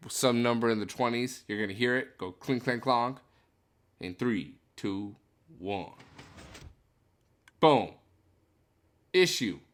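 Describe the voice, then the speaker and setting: A man's voice: fairly low pitch, fairly bright tone. A young man giving casual gameplay commentary as a YouTuber, rambling and breaking into frustrated outbursts. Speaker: gaming YouTuber.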